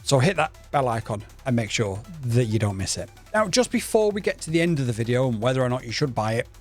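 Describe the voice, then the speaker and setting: A man's voice: mid-range voice, sing-song, fast, faint music behind. Rambling, enthusiastic man. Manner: rambling and enthusiastic, with restarts and stutters. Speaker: drone reviewer. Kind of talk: casual video review.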